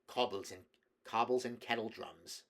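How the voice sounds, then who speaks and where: A man reading a storybook aloud and voicing a weary, grumbling male dwarf soldier who bursts into quick, impatient complaints. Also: fairly low pitch, creaky.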